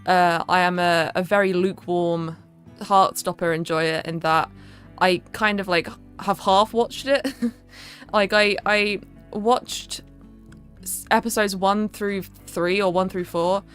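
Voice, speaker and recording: A woman's voice: fairly low pitch, fairly even intonation, slow pace, fairly bright tone, soft background music. A young woman with a southern English accent, chatting casually and rambling with a lot of fillers on a livestream. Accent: southern English, London area. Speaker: streamer.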